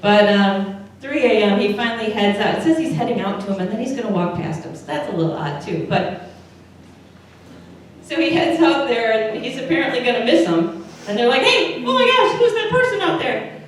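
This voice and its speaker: Speaking briskly and with animation in a mid-range voice, a woman pastor delivers a chatty sermon, asking the congregation questions. Her accent is Upper Midwest American. She's recorded from far away in a very echoey church service room, with slight background noise.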